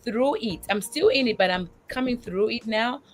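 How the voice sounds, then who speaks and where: A woman guest sharing her life as a single mother on a faith talk show, animated and tearful, often restarting her sentences. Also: a little high, moderate pace, slight background noise.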